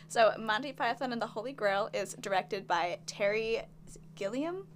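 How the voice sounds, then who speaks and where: A woman's voice: on the high side, expressive, a little slow, a little hiss or hum. A young woman hosting a film podcast in casual chat, bubbly and laughing often. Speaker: podcast host.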